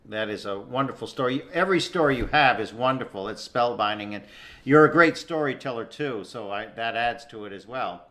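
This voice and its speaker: A man's voice: medium pitch, animated, a little fast, pushed and bright. A man hosting an interview, effusive and generous with praise for his guest. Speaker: show host.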